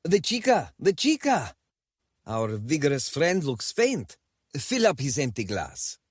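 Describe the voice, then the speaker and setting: Male reader playing a breathy, jovial gentleman, slow and very swooping. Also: a little high, wildly swooping pitch, no room sound, clean studio sound, heavily acted. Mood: urgent. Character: jovial Spanish gentleman host, hearty.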